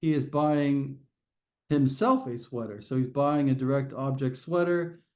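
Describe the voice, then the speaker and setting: A man's voice: on the high side, darkish tone. A man teaching a test prep grammar lesson to a class, explaining step by step and often restarting his phrases.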